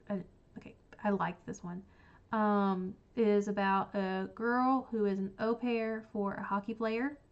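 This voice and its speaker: On a muffled recording, a female book streamer with a mid-range voice chats casually while ranking the books she's read. She rambles, filling her talk with frequent ums and likes.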